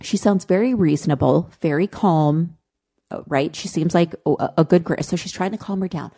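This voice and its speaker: Brief: a woman co-host in casual chat, emotional and impassioned, with a warm, mellow, low voice. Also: normal speed, husky. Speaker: podcast co-host.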